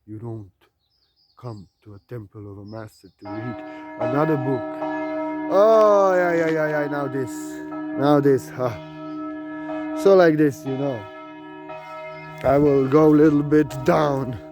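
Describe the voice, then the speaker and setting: A man giving an unscripted spiritual talk, repeating his points, pressing them loudly and then dropping to quiet musing. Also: medium pitch, measured pace, long pauses, music in the background. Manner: emphatic and repetitive, swinging between loud urging and quiet musing. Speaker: spiritual teacher.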